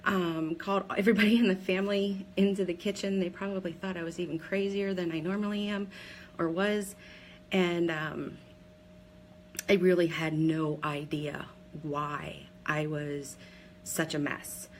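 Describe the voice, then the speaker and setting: A direct seller in her forties from Pennsylvania rambles through her own story on a casual live video, candid and chatty, with plenty of ums and laughs at her own expense. Her slightly low voice stays steady and unhurried over a faint hum and poor audio.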